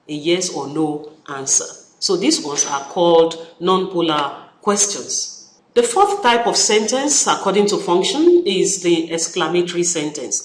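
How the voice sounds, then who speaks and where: Nigerian-accented lecturer, recorded study session, expressive and repetitive, echoey room with faint ambience. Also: mid-range voice, slight background noise. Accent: Nigerian English. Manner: animated, repeats key phrases, acts out example exclamations. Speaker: university lecturer.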